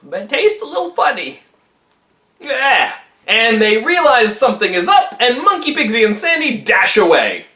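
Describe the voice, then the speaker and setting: Animated, high-voiced male storyteller. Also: normal speed. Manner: animated, jokey asides. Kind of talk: casual storytelling. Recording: roomy echo.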